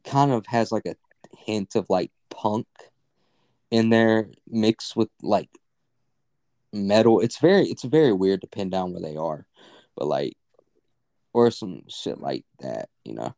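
Low, mellow young man chatting casually. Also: lively intonation, measured pace, creaky, long pauses, no room sound. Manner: rambling, filler-heavy, swears casually. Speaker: podcast co-host. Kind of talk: casual unscripted chat.

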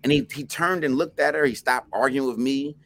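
A middle-aged man from New Jersey, a podcast guest telling a story in an animated, emphatic way with restarts. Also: mid-range voice, normal speed.

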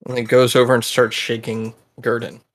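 A man's voice: mid-range voice, completely flat delivery, moderate pace. A man narrating as game master of a tabletop game, in a casual, crude manner.

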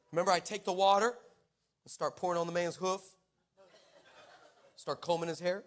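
Pastor, male, high bright voice, animated storyteller who breaks into shouts. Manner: animated, laughs through stories, rises to shouting exhortation. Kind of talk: sermon with storytelling. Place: church service.

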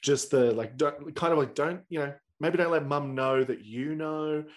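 A man hosting a podcast, chatting casually, reacting with quick agreements and summing up his guest's story. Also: on the high side. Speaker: podcast host. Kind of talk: casual chat.

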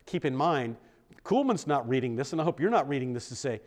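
A man's voice: medium pitch, very animated, fairly quick. A man, a pastor, teaching a Bible study in a conversational way, often checking in with the group and poking fun at himself. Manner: self-deprecating humor.

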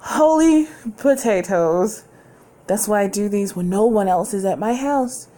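This podcast host talks from home in a frank, easygoing way, laughing often. She has a medium-pitched, dark-toned voice and keeps a normal pace.

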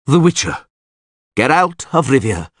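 A man's voice: mid-range voice, big pitch swings, unhurried, a bit bright, dry recording, studio quality, voice pushed up. A man voicing a pompous middle-aged mayor who speaks ceremoniously.

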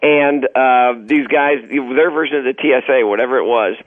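A man's voice: medium pitch, normal speed, no room sound. A man from Texas, a comedian guest on a radio show, telling stories animatedly and acting out quotes. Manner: animated storyteller, acts out quotes. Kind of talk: radio interview storytelling. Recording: dry phone-like radio line.

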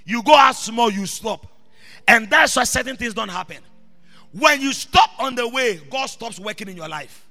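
A man preaching a sermon as an apostle, shifting between quiet asides and shouted proclamations. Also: very high voice, animated, normal speed, creaky. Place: church hall. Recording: reverberant church hall with music behind.

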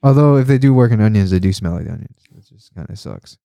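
A man's voice: fairly low pitch, expressive, fast, gravelly, mellow, dry recording. A man hosting a casual podcast chat, rambling and swearing a lot, laughing often and getting worked up when he complains. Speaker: podcast host.

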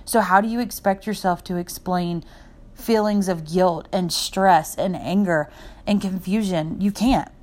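A woman's voice: lowish voice, fairly even intonation, unhurried, darkish tone. A young adult woman hosting a podcast, talking without a script in a heartfelt, rambling way and jumping from point to point. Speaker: podcast host. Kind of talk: unscripted personal podcast monologue.

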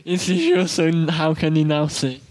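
A volunteer reads a doubting Pharisee, his lines coming out half-laughing. His voice sits slightly high. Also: level tone, normal speed, darkish tone, close to an everyday voice, low-quality recording. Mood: doubtful. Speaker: audience volunteer. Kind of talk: reading lines in a live skit.

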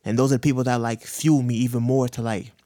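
A man in his thirties speaks earnestly and with feeling, choked up at times, heavy on slang and cursing. His voice sits at a middle pitch. The recording is dry and close with no room sound. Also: flat delivery, fast, dark tone, no echo. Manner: earnest, emotional, urges listeners with slang and profanity. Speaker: guest sharing his cancer diagnosis. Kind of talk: candid podcast conversation.

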